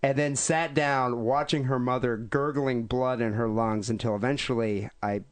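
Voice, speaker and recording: A man co-hosting a podcast talks in a mid-pitched, ordinary voice. His retelling is casual and irreverent, full of dark jokes. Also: fairly even intonation, moderate pace. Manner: joking, irreverent. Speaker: podcast co-host. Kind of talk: casual chat, retelling a news story.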